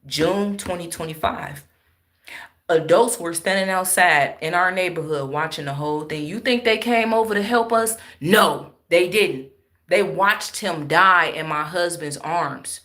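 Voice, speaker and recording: A woman's voice: fairly low pitch, a little slow, a bit bright. A married woman telling viewers an upsetting story in an emphatic, emotional way, speaking straight to her audience. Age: adult, married. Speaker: vlogger.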